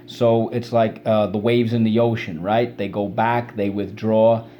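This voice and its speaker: Man, spelling teacher for kids, fairly low voice, coaxing call-and-response drills, faint hiss behind. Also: level tone, measured pace, lo-fi sound. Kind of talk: spelling lesson for children.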